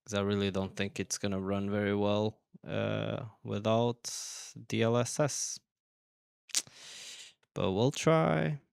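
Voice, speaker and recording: A man giving relaxed gameplay commentary as he tests a game on his PC, thinking aloud with many fillers and restarts. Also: on the low side, slow pace, creaky, clean tone, no room sound, studio quality. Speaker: gaming channel host.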